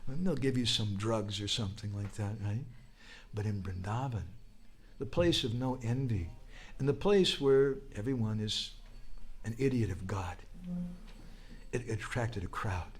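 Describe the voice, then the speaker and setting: A man giving a storytelling sermon at a religious festival, animated, leaping up in pitch and volume when he quotes someone, with humorous asides and prompts like "huh?" to his listeners. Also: measured pace, breathy edge. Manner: animated, leaps high and loud when quoting and crying out.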